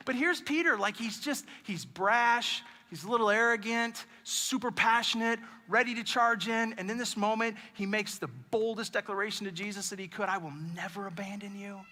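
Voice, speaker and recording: A man preaching a sermon as pastor, telling the story in an animated way and acting out the lines he quotes. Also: high voice, normal speed, few pauses, in a large hall. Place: church auditorium.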